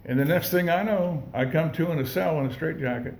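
A man's voice: fairly high pitch, quick pace, gravelly, few pauses, noisy background. A man sharing his recovery story with an audience in a rambling, profane, folksy way, full of restarts. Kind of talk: casual spoken storytelling to an audience. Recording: echoey room.

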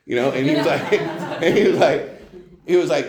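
At a recovery meeting, a middle-aged man gives a candid, conversational personal testimony from a podium, leaning on "you know" and chuckling often. His voice is fairly high and darkish, at a normal speed, with a roomy echo around it.

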